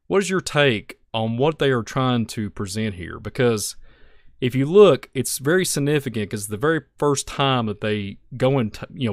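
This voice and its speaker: A man co-hosting a podcast, talking through a film slide by slide in a rambling, excitable way with many restarts. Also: medium pitch, dry recording, clean studio sound. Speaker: podcast co-host. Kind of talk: casual film-analysis chat.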